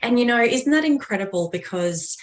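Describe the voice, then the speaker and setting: A woman's voice: on the high side, expressive, a little fast. Effusive Australian woman in an echoey room. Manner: effusive, gushing with praise. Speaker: podcast co-host. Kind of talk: casual chat.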